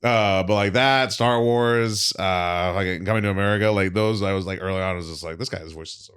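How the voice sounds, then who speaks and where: A young adult male comedian telling animated stories in casual podcast chat, with lots of fillers and restarts. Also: fairly low pitch, fairly quick, clean tone. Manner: animated storytelling, many fillers and restarts, swearing. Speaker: comedian guest.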